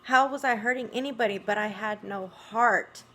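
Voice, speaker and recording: Soft-spoken reflective woman. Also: a little high, moderate pace, soft background music. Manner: reflective, soft-spoken, many "you know"s and small laughs. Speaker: vlogger. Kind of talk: casual spiritual monologue.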